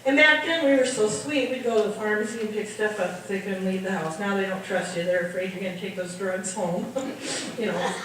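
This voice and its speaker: Animated Midwestern woman in an echoey hall. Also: medium pitch, brisk. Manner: animated, acts out voices of people in her stories. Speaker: nurse telling comic stories. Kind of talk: stand-up comedy storytelling. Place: party hall, heard from far off. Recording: distant echoey hall recording with noise.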